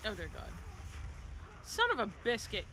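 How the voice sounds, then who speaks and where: A woman's voice: on the high side, wildly swooping pitch, normal speed, a bit bright, slight background noise. A woman chatting casually while streaming a game, telling stories and acting out the voices in her anecdotes. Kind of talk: casual gaming stream chat.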